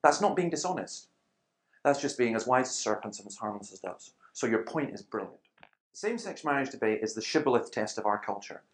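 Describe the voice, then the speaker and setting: A man's voice: medium pitch, a little fast. A man, speaking as a Christian speaker in a conversational talk, telling stories and acting out the voices of people he quotes. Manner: animated storyteller, acts out quoted voices.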